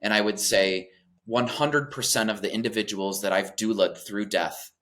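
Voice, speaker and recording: Soft-spoken man, low earnest voice. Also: normal speed. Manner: earnest, gentle, searching for words with fillers. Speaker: death doula guest. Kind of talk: reflective interview talk.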